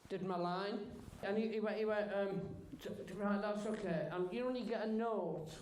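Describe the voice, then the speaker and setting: High-pitched guy rambling a funny story, lots of stammers, echoey cinema hall. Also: fairly even intonation, moderate pace, a little mellow, slight background noise. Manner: stammering restarts, laughing while telling. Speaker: comedian guest at a Q&A. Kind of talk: anecdotal storytelling. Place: cinema auditorium Q&A.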